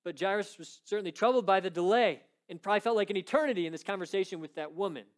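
Guy preaching a sermon, pretty high voice, chatty storytelling style with lots of asides. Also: very fast. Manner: animated storytelling with dramatized quotes and conversational asides. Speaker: pastor.

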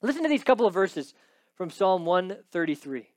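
High-voiced emphatic male preacher. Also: very animated, moderate pace, dry recording. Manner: emphatic teaching tone, often checks in with "right?". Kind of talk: sermon with scripture reading.

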